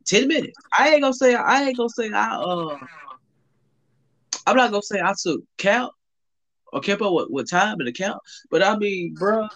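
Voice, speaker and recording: A man's voice: high-pitched, lively intonation, moderate pace, a bit bright, rough recording. A young man telling a rambling, profane story in casual chat on a call, heavy with fillers.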